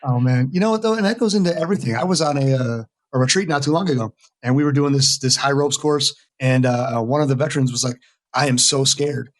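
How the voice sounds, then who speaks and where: A middle-aged man from the United States talks quickly and earnestly as a podcast guest. His voice sits at a medium pitch and sounds close and dry, with no room echo. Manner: earnest, emphatic. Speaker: veteran mental health worker, interview guest. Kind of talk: casual conversational interview.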